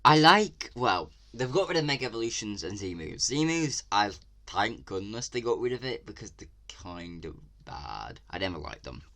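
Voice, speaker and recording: A man from England with an English accent, giving casual reaction commentary as a video creator, excitable and ranting, swearing freely. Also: on the low side, normal speed, vocal fry.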